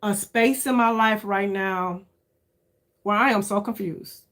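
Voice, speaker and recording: Unhurried and a bit bright, this beauty creator in her fifties addresses her viewers directly in a casual, honest, searching conversation. She calls them "y'all" a lot and pushes her pitch up for emphasis.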